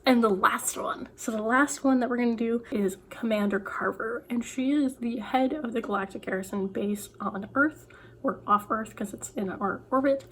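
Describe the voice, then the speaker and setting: A woman's voice: fairly high pitch, normal speed, a bit bright, a little hiss or hum. A young woman author chatting casually to camera, rambling with many "like"s and restarts. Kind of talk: casual vlog chat.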